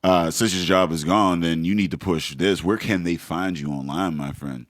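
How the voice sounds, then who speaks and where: A man's voice: sits low, normal speed, dry recording. A man co-hosting a podcast in a studio, talking in a rambling, playful way. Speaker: podcast co-host. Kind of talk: casual chat.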